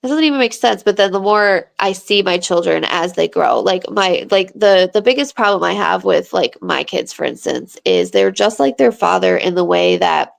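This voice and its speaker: A woman's voice: on the low side, moderate pace, creaky, hardly any pauses. A middle-aged woman co-hosting a stream, telling stories about her kids in casual chat with laughter and emphasis.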